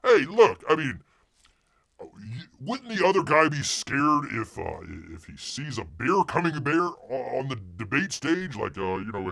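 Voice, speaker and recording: A man's voice: medium pitch, huge pitch swings, moderate pace, creaky, a bit bright. A man hosting a casual live stream who talks about himself in the third person and halts often with restarts. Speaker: live show host.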